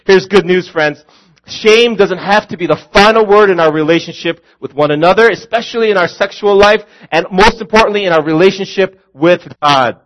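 A man's voice: high voice, brisk, fairly bright tone, highs cut off. A man preaching a sermon as a pastor, earnest, calling his listeners friends and repeating key lines.

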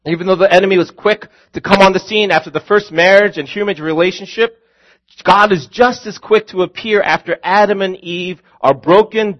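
A man's voice: high-pitched, lo-fi sound. A man preaching a sermon as a pastor, earnest, calling his listeners friends and repeating key lines.

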